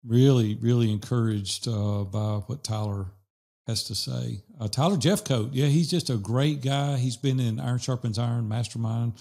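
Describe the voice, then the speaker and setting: A man hosting a podcast, chatting casually with his co-host. His voice has a gravelly fry to it, and he tells stories with lively acted-out quotes. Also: mid-range voice, normal speed. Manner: animated storyteller, quotes people in lively voices. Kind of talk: casual chat.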